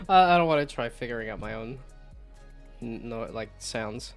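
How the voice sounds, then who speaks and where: A man's voice: expressive, normal speed, soft background music. Rambling, laughing man streaming. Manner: rambling, self-mocking, laughs often; tries silly high whoops. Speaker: streamer and game developer. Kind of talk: casual live-stream chat.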